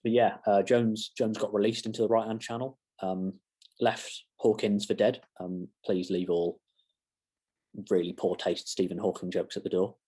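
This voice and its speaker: A man's voice: on the low side, steady tone, normal speed, dark tone, husky. A young man giving a casual football match reaction to camera, rambling with self-mocking asides. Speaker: fan channel presenter.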